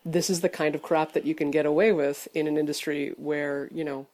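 A man's voice: on the high side, level tone, a little fast, darkish tone. A man co-hosting a casual podcast, talking in a rambling way with many fillers and restarts. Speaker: podcast co-host.

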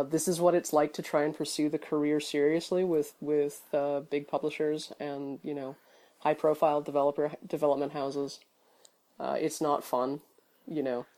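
A man's voice: a little high, warm tone. A man co-hosting a casual podcast, talking in a rambling way with many fillers and restarts. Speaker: podcast co-host.

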